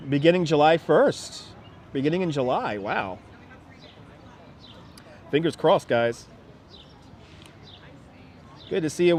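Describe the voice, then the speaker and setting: Male livestream host, casual and rambling, slightly higher voice, outdoors on a clip mic with faint city noise. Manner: chatty and rambling, with frequent laughs and restarts. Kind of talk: casual livestream chat, reading viewer comments aloud. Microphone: wireless clip-on mic. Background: faint city park ambience with birds.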